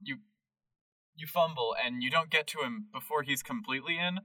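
Male game master, bright tone, slightly distant mic, hesitant. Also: mid-range voice, normal speed. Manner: laughs often, hesitant fillers. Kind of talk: narrating a tabletop game.

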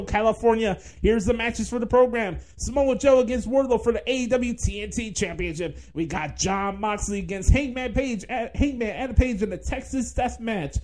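A man putting on the voice of a hyped-up, salesy wrestling show announcer with a loud, punchy promo delivery. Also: sits high, natural voice.

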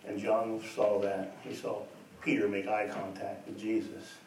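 A man's voice: on the low side, little pitch movement, measured pace, darkish tone. A man preaching a sermon as pastor, earnest and emphatic, asking his congregation rhetorical questions and repeating his points. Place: church. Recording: echoey church, distant mic, faint noise.

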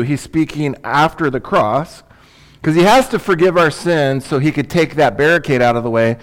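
A man's voice: fairly high pitch, animated, normal speed. A man preaching a sermon as pastor, conversational and emphatic, with asides and rhetorical questions.

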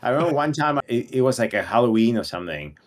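A young man who is a guest on a podcast, telling lively anecdotes in a casual chat and laughing through them. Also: mid-range voice, quick pace. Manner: animated storyteller, laughs through his anecdotes. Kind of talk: casual storytelling.

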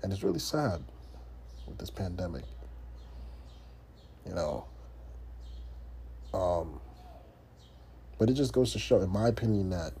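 American guy ranting on his podcast, swears a lot, low-ish husky voice, kinda mellow. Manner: blunt, profane, talks in restarts. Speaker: podcast host. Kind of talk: casual monologue.

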